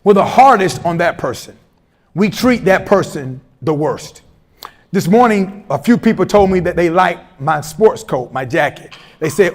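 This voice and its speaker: A middle-aged man giving a motivational, humorous speech to teachers, animated and telling stories with acted-out voices. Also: high voice, normal speed. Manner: animated storyteller, humorous asides, acts out quoted voices. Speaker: keynote speaker at educators' institute day.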